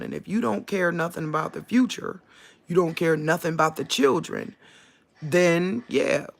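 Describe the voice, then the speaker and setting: A woman, talking casually and animatedly on a live stream, laughing often and rising into high outbursts. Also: gravelly, a bit bright. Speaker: livestream host.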